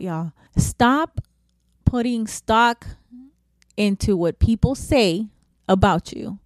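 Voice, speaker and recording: A woman's voice: fairly high pitch, a little mellow, dry recording. A middle-aged woman hosting her own podcast, talking candidly and emotionally in a casual, slangy way. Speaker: podcast host. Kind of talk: casual solo podcast talk.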